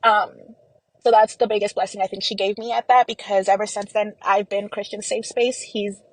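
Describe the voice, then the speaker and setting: A young woman guest tells an emotional, grief-laden story, acting out quoted dialogue and using many fillers. Her mid-range voice is level and at normal speed, recorded dry and close with no echo but rough quality.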